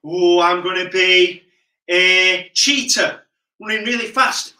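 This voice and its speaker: A man leading a live online PE lesson for children, energetic and playful, calling out instructions. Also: high voice, takes it slowly. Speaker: PE coach. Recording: roomy echo.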